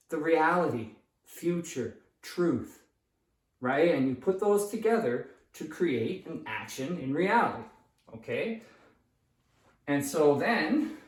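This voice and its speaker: A man teaching English grammar at a whiteboard, patient and repetitive, often checking in with "okay?". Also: on the high side. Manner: patient, repeats key phrases, checks in with "okay?". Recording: echoey room, voice far from the mic.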